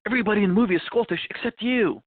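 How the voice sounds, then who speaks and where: A man playing a brisk male film director giving orders, over a phone line. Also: high voice, no echo, pitched above the performer's own voice. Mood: bossy.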